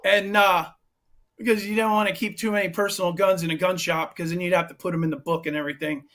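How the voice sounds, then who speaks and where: A man's voice: high-pitched, quick pace. A man who runs a gun shop and teaches firearms classes, telling a long anecdote in a casual interview with restarts and asides. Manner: animated, rambling anecdote with restarts. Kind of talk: casual storytelling in a podcast interview.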